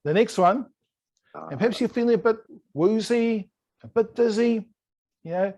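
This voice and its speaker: A man's voice: high voice, normal speed, darkish tone. A man teaching a language in an online lesson, playful and over-pronouncing words to demonstrate them. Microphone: video call.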